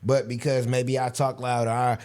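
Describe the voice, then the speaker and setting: Animated storytelling man in his thirties. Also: mid-range voice, moderate pace. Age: 30s. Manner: animated storytelling, acts out quoted voices. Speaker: podcast host. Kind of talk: casual conversational interview.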